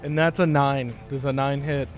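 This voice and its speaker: A man narrating a tabletop game as game master, with animated storytelling. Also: mid-range voice, normal speed, faint music behind.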